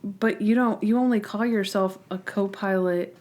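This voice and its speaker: A young woman talks casually as a podcast co-host. She is animated and breaks into quick acted-out quotes, often restarting her sentences mid-thought. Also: mid-range voice. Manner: animated, quotes people in voices, trailing restarts. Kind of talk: casual chat.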